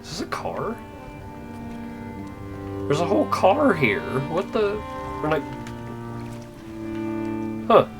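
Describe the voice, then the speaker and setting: A young man with a high voice and wildly swooping pitch gives rambling let's-play gameplay commentary, speaking slowly and pausing often. He's wry and casual, full of fillers and swearing, on a rough recording with faint game music behind him.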